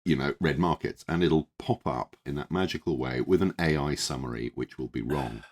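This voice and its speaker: A man's voice: rumbling low, moderate pace, a little mellow. A British man co-hosting a podcast, chatting casually with a dry, joking delivery. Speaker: podcast co-host.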